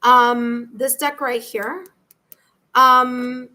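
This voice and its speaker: A woman's voice: a little high, steady tone, drawn-out words, bright, forceful tone. A woman with a New York accent giving a chatty, reassuring live-stream tarot reading and calling on viewers by name. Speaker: tarot reader.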